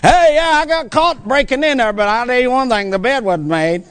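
A male preacher acting out a boastful male burglar in a quick offhand aside. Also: very high-pitched, expressive, fairly bright tone, clear, resonant tone. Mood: bragging.

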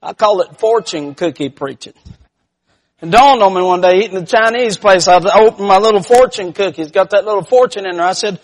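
A preacher with a notably high-pitched voice delivers a sermon. He tells homespun stories, rising to shouted peaks and then dropping to hushed, low lines. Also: fairly quick. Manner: folksy storytelling.

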